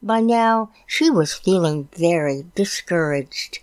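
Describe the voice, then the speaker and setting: A woman reading a children's picture book aloud, gently explaining things for young listeners. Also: on the low side, lively intonation, slow, smooth. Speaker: storytime reader.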